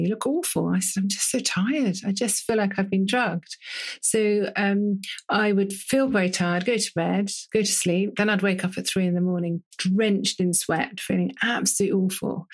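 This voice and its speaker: A British woman in her forties, a doctor giving an interview, telling her story in a lively way and often laughing. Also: medium pitch. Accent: British English. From United Kingdom. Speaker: interview guest, GP and menopause specialist. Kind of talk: casual interview conversation.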